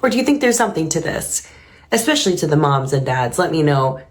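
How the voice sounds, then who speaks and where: A woman's voice: deep voice, very animated, fast talker. A woman hosting a reaction video, musing earnestly and reflectively on a clip she has just watched. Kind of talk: reaction commentary.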